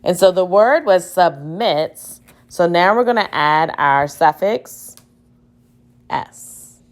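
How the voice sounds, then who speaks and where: A woman's voice: lowish voice, lively intonation, slow. A woman teacher giving a spelling dictation, sounding out syllables and spelling words letter by letter. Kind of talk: slow spelling dictation lesson.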